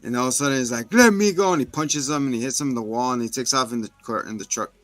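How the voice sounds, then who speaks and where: Animated man casually retelling a film. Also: mid-range voice, rapid-fire, dry recording, faint music behind. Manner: animated, slangy retelling of scenes. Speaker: podcast co-host reviewing a film. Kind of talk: casual chat.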